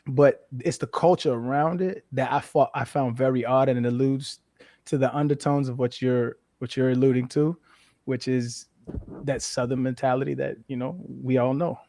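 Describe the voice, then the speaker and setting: A man's voice: mid-range voice, normal speed, no room sound. Candid man telling stories, dry mic. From western United States. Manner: candid, animated storytelling with profanity. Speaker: guest, former football player. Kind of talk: casual conversational interview.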